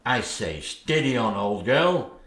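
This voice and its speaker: A man's voice: medium pitch, sing-song, takes it slowly, fairly bright tone. Man doing a dithering posh old king. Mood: flustered. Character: bumbling henpecked old king, man, dim. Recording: echoey room.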